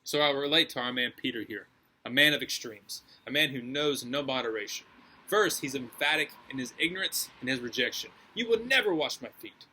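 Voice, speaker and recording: A man's voice: mid-range voice, brisk, sharp tone, breathy edge, rough recording. A male pastor preaching a sermon in a casual, slangy and emphatic way.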